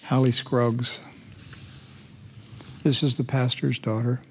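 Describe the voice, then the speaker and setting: A man hosting a commentary show, talking indignantly and moving between heated outbursts and hushed, emotional passages. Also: medium pitch, little pitch movement, takes it slowly, a little hiss or hum. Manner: indignant, swings from loud ranting to hushed emotional. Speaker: host.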